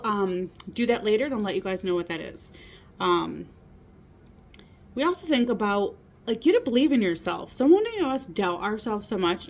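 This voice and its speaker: A woman in her thirties gives a casual motivational talk in a medium-pitched, slightly mellow voice. She is earnest and encouraging, frequently checking in with listeners through rhetorical "right?" asides.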